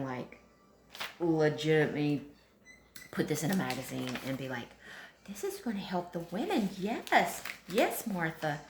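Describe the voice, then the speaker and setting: A woman's voice: lowish voice, fairly bright tone, slight background noise. A woman, chatting and joking to camera as a mom vlogger, full of sassy asides. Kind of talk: comedic casual chat to camera. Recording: roomy echo.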